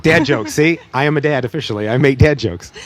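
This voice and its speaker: A man's voice: mid-range voice, brisk. Man, thirties, co-host, teasing, jokey, laughs easily. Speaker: co-host of a church pre-show. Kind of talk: casual chat.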